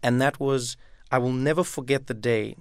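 A man's voice: medium pitch, fairly even intonation, normal speed, smooth, no echo, clean studio sound. A man from Africa, talking thoughtfully as an interview guest and repeating words as he thinks. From South Africa. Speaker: comedian guest. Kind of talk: reflective interview talk.

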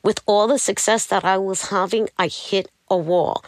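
A woman's voice: mid-range voice, normal speed, no room sound, clean studio sound. A woman, telling her life story as an interview guest and acting out the people in it. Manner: animated, acts out the voices of people in her stories.

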